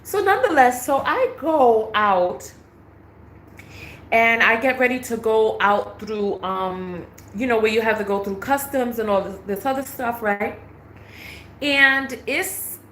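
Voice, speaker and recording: Animated storytelling woman from New York. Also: fairly high pitch, measured pace, roomy sound, a little hiss or hum. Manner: animated, laughs often, acts out dialogue. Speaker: travel vlogger. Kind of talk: casual storytelling vlog.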